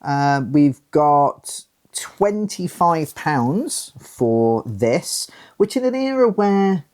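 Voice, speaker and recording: A man's voice: fairly high pitch, big pitch swings, very slow, darkish tone. A British man hosting a casual unboxing, chatty, reading rules aloud with dry asides. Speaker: host unboxing a tabletop game.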